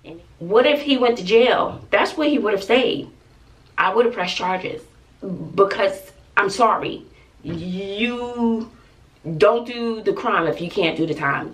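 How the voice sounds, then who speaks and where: Exasperated Texan mom with a gravelly voice. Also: female voice, on the low side, far from the mic. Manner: exasperated, emphatic storytelling. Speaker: family vlogger. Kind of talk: venting to camera.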